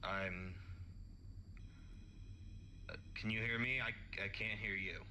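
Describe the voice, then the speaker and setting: A man's voice: on the low side, steady tone, slow pace, sharp tone, slight background noise, exaggerated voice. A man voicing an awkward, friendly guy leaving a phone message, stammering and restarting his sentences. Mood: fumbling. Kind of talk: recorded game voice line.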